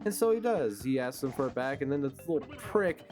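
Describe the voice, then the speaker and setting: A young man tells a story in a swearing, ranting style while he plays. His voice sits at an average pitch. Loud game music plays behind him the whole time. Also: lively intonation, brisk. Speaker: gaming channel host. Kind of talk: casual gameplay chat.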